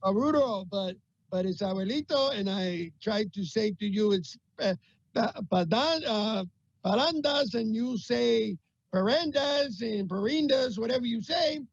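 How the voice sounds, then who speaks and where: A man co-hosting a video call with comedic banter, talking in halting bursts and repeating his words. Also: high-pitched, animated, vocal fry, dry recording. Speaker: co-host. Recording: dull lo-fi video call audio.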